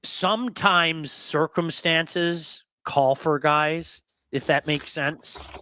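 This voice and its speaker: A man hosting a casual hockey talk show, telling blunt, animated stories and repeating words for emphasis. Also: on the high side, drawn-out words, dry recording. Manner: blunt, swears.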